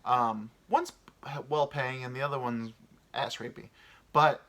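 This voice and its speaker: A man's voice: mid-range voice, steady tone, a little slow, bright, forceful tone. A man in his thirties hosting a solo podcast, rambling and crude, with lots of fillers. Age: 30s. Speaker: podcast host. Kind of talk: casual solo podcast monologue.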